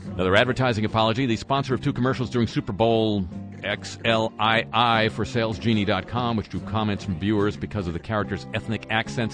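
Deep-voiced sarcastic radio host man. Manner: sarcastic, wry asides. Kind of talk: talk radio news commentary.

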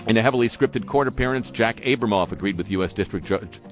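A man's voice: lowish voice, fast, faint music behind. A man from New hosting talk radio, reading the news with dry, sarcastic asides. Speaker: radio host.

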